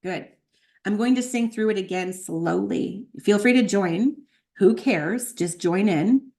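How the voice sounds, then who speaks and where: A woman teaching a spiritual practice, slowly chanting and repeating sacred sound names, with light laughs at her own slips. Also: mid-range voice, warm tone. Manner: chants tone names slowly, then explains briskly. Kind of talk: chanting lesson.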